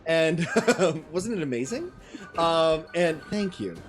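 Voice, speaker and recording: A man's voice: on the high side, lively intonation, takes it slowly, over music. A man narrating a tabletop game as game master, hesitant, with many ums and frequent laughs.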